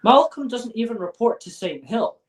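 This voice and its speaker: Very high-voiced and animated at normal speed, this man is a former member giving a casual interview as a guest. He speaks candidly and bluntly, often restarting sentences and swearing. The recording puts his voice at a distance from the mic.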